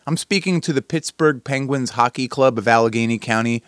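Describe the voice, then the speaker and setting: A man's voice: medium pitch, steady tone, a little fast, hardly any pauses, fairly bright tone, smooth, no room sound, clean studio sound. A tired man hosting a casual sports podcast, rambling and joking at his own expense. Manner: jokey, meandering, self-deprecating. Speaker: podcast host.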